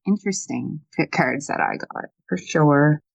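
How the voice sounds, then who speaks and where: A woman's voice: deep voice, a little slow, gravelly, no room sound, muffled recording. A woman co-hosting a casual tarot reading chat, musing aloud with many fillers. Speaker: tarot reader co-host.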